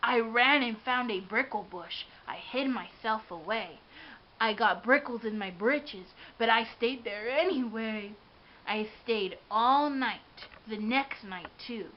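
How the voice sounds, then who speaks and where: A woman giving an expressive, dramatic read-aloud of a children's storybook. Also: fairly high pitch, slow pace. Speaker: storybook reader. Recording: dull lo-fi with faint hiss.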